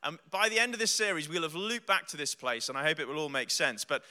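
A man's voice: fairly high pitch, lively intonation, fast, bright, forceful tone. A man preaching a sermon as pastor, earnest and conversational, telling stories with asides. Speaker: pastor and theologian.

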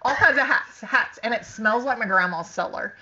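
A woman on a podcast telling a story in a casual, animated way, laughing often and acting out what people said. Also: a little high, normal speed. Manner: animated, laughing, frequent "like", acts out quotes. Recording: dull lo-fi sound.

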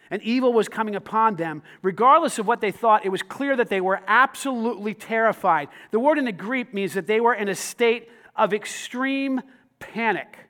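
A man with a high voice preaching a sermon. He is animated, swinging between loud, emphatic lines and quiet asides. He talks conversationally and keeps asking the congregation questions. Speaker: pastor.

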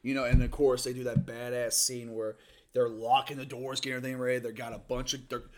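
A man in a casual chat, excitedly retelling movie scenes and acting out the lines. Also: mid-range voice, fast talker. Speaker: movie reviewer.

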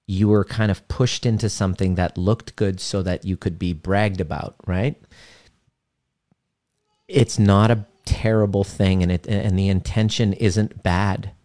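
Low, dark-voiced man talking earnestly. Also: dry recording. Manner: reflective, searching for words with frequent restarts. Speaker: host of a parenting and self-healing channel. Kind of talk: unscripted solo talk to camera.

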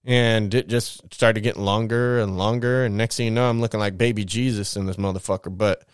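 A young man tells a personal story, candid and profane, and he gets lively when he quotes people. His voice is smooth and resonant, recorded close and dry. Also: lowish voice, brisk, dry recording. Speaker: vlogger.

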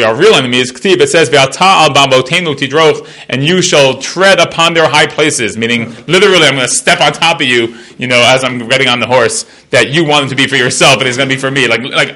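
In a casual Talmud class, a man reads the Aramaic of a page and translates it line by line, chatting along with lots of fillers. His medium-pitched voice is bright and forceful, moving fast with few pauses.

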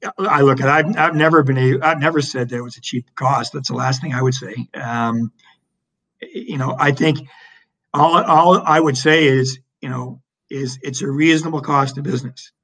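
A man's voice: mid-range voice, normal speed, low-quality recording. A man being interviewed, talking conversationally with lots of restarts and fillers. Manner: animated storytelling with frequent restarts and fillers. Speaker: interview guest, economic development leader.

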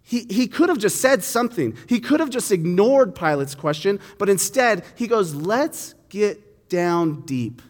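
A man's voice: sits high, sing-song, normal speed, few pauses, in a large hall. A man preaching a sermon, reading scripture and explaining it in a conversational way, acting out the dialogue. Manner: conversational, acts out dialogue with voices.

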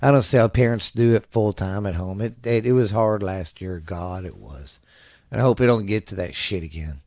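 A man's voice: on the low side, moderate pace, a little mellow, no echo. Profane rambling man on a dry mic. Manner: profane, ranting, stammering. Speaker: podcast host. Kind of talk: casual rambling monologue. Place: home at night.

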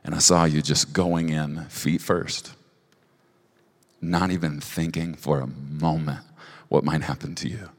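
Deep-voiced man ministering in a reverberant hall. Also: level tone. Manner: halting, with restarts and soft asides. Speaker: prophetic minister. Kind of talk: prophetic ministry at a church service.

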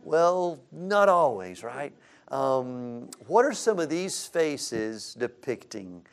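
A man's voice: medium pitch, very animated, slow pace. A man teaching a Bible class to a church group, asking the room questions and answering them as he goes. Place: church classroom with a live audience.

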